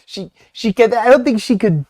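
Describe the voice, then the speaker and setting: A man's voice: very high-pitched, animated, normal speed, a little mellow. A man hosting a live stream, commenting casually on a clip in a rambling, hesitant way with many restarts. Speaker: streamer host reacting to a clip.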